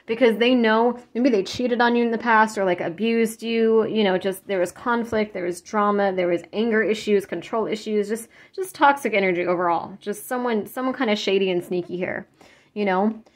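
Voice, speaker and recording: A woman's voice: medium pitch, moderate pace. Woman reading tarot, casual, rambling, earnest, lots of filler words. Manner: rambling, full of "like" and restarts; earnest, emotionally moved. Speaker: tarot reader. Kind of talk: casual psychic reading to camera.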